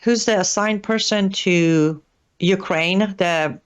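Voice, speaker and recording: A woman's voice: lowish voice, slow, smooth. A woman commenting as a guest on a talk show, hesitant, with many fillers and restarts. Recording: dull lo-fi audio.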